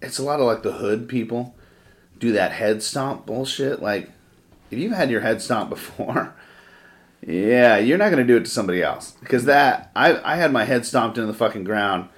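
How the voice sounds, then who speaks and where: A man telling a rough story in casual podcast chat, profane and rambling, with lots of fillers. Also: mid-range voice, expressive, normal speed.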